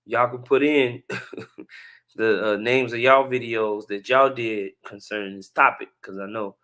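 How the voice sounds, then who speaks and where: A man's voice: lowish voice, a bit bright. A man hosting a religious commentary video, talking in a laid-back, slangy way with laughing asides. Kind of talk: casual commentary.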